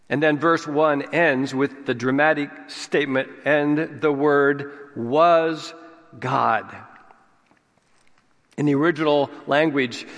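Slow, deliberate preacher man in a reverberant hall. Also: a little high, fairly bright tone. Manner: slow, deliberate, stresses key words. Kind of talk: sermon.

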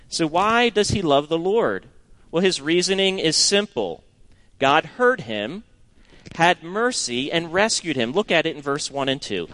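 Preaching and reading from scripture, this middle-aged man sounds earnest and expressive, his voice sitting on the high side. Now and then he lowers to a hush to stress a point.

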